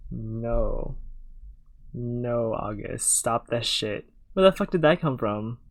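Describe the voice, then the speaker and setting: A man with a gravelly, creaky voice talks slowly through his reactions to a show. He is blunt and swears freely. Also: mid-range voice, animated. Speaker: reaction video host. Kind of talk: casual reaction commentary.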